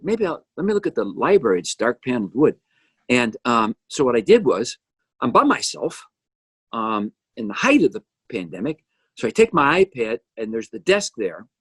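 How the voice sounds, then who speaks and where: A lively older man talks through his music video in a casual, joking way. His voice sits a little high for a man and jumps around a lot. The sound is close and dry, with almost no room in it. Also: slightly rough, no echo. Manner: jokey, animated, teasing asides. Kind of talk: casual commentary. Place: home.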